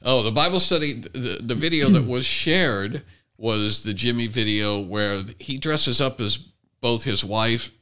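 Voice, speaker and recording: A man's voice: medium pitch, unhurried, sharp tone. A man co-hosting a podcast in casual chat, rambling through stories and doing voices for the people in them. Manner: rambling storyteller who does voices for the people he describes. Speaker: podcast co-host.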